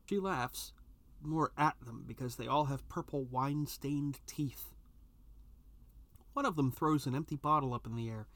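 A man reading a first-person story aloud, with an expressive delivery that rises at tense moments. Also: medium pitch, no echo. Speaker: narrator.

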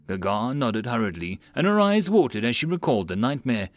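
A man narrating a web novel audiobook in a lively storytelling manner. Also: mid-range voice, normal speed, few pauses, no room sound.

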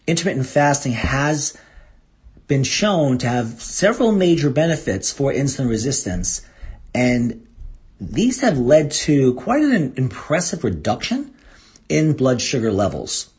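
A man hosting a health radio show as a doctor, talking listeners through the topic in an animated way. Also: a little slow. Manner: animated, mock-quotes listeners in a higher voice. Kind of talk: health talk radio monologue.

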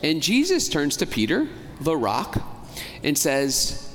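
A man preaching a homily as a priest, talking in a conversational way, asking the congregation questions and slowing down to stress key words. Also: a little high, wildly swooping pitch, slight background noise. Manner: slows down and stretches key words for emphasis. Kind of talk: sermon. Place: church. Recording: long church reverb, faint ambience.

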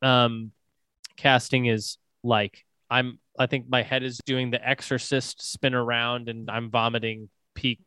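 A man's voice: mid-range voice, little pitch movement, a little slow, sharp tone, clean tone, dry recording. A man co-hosting a podcast, rambling and restarting in casual chat. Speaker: podcast co-host.

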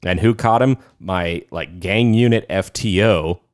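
Deep-voiced joking male host. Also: a little slow, clean tone, no echo, clean studio sound. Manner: profane, joking storyteller. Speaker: podcast host. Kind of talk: casual podcast chat.

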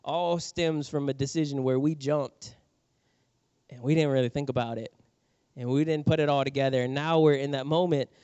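A middle-aged man preaching a sermon, telling a personal story with animated acted-out quotes. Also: mid-range voice, normal speed, clear, resonant tone, no echo, dull audio. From New Orleans, USA. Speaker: pastor.

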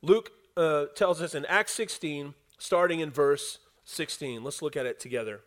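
High-voiced animated male preacher. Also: normal speed. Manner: animated preacher, acts out quotes, talks to congregation. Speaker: pastor. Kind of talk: sermon.

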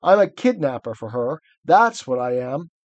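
A man's voice: medium pitch, sing-song, normal speed, dry recording, lo-fi sound. A man voicing a remorseful male faun who sobs and pleads as he reads a novel aloud. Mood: sobbing remorse. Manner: tearful, pleading.

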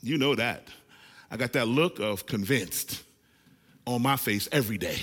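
A man in his forties preaching a lively sermon, calling on the congregation to shout responses. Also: medium pitch, a little slow, breathy edge, big-room sound. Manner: animated, calls for congregation responses. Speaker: pastor.

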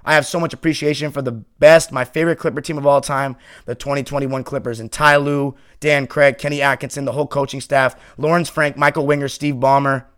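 A man hosting a sports podcast, delivering a passionate fan monologue that swings from heated ranting to quiet, heartfelt reflection. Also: mid-range voice, level tone, brisk, few pauses, clean tone.

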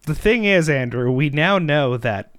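A man's voice: on the high side, animated, a little slow, fairly bright tone, clean tone, no room sound, clean studio sound. A man co-hosting a political commentary podcast, talking in an emphatic, sarcastic way. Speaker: podcast co-host.

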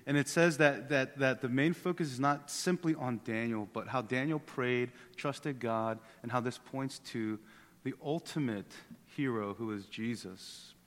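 A man in his thirties, a pastor preaching a sermon in a relaxed, joking, conversational way that often repeats words. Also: mid-range voice, measured pace. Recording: long hall reverb.

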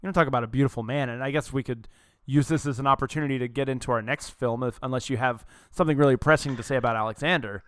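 A man's voice: mid-range voice, racing, clean tone. A man co-hosting a casual movie podcast, joking crudely and rambling. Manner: joking, crude, rambling, puts on silly voices. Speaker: podcast co-host.

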